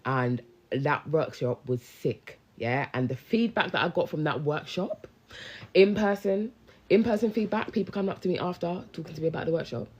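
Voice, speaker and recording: A young businesswoman who works as a coach chats animatedly on a handheld phone live stream, addressing her viewers directly and peppering her talk with slang. Her voice is low and a little rough, with a darkish tone, and she speaks at a normal speed.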